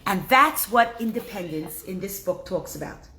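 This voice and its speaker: A woman teaching a religious class, leading a slow, soothing meditation and lesson. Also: medium pitch, animated, bright, forceful tone.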